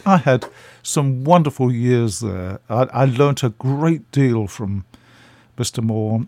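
A man's voice: medium pitch, animated, slow pace, dark tone, no room sound. Older Englishman telling radio anecdotes. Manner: chatty, self-deprecating, acts out voices. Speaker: radio guest. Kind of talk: anecdotal storytelling.

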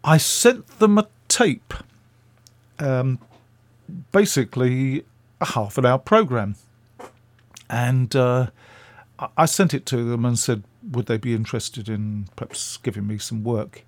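A man's voice: mid-range voice, unhurried, dry recording. Older English man telling stories. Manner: chatty anecdotes with fillers. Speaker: guest. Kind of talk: telling stories in a radio interview.

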